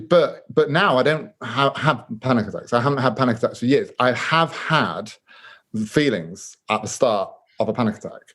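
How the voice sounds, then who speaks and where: A man, a guest author speaking earnestly in an interview, often restarting his sentences. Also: medium pitch. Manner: earnest, halting, with frequent restarts. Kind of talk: reflective interview talk.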